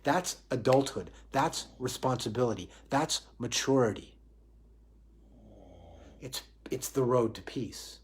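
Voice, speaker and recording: A man's voice: mid-range voice, slow. A man giving a live spiritual talk on responsibility in a reflective way, often restarting phrases and asking himself questions aloud. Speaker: spiritual teacher.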